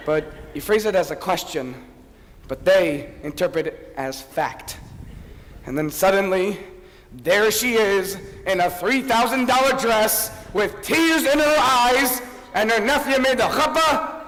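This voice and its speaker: Guy doing a chatty lovesick musical fan narrator, kinda high voice, big echoey theatre, faint hiss. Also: measured pace, fairly bright tone. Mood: confiding. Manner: chatty, confiding asides to the audience. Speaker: narrator character commenting on a record. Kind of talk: amateur stage musical acting. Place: theatre stage. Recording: reverberant stage hall with faint noise.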